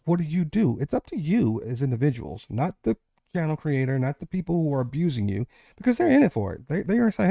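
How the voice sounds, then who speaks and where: A man's voice: a little high, sing-song, brisk, vocal fry, mellow, dry recording. A man hosting a casual online panel discussion, talking in an emphatic, lecturing way. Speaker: host.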